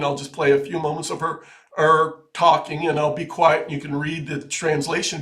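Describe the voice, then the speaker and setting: Earnest man, halting commentary. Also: fairly high pitch, fairly bright tone. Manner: earnest, halting with frequent restarts; grows emphatic and urgent. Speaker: video host. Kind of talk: casual political commentary.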